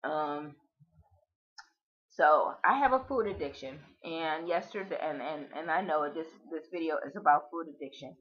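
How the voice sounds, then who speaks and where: A woman's voice: sits low, moderate pace, lo-fi sound. A woman recording a confessional video diary, earnest and emotional, trying not to cry. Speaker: vlogger.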